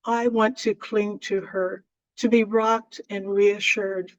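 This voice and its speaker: A woman reading her poem aloud in a measured way, with deliberate pauses. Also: medium pitch, level tone, dry recording, dull audio. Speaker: poet. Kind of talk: poetry reading.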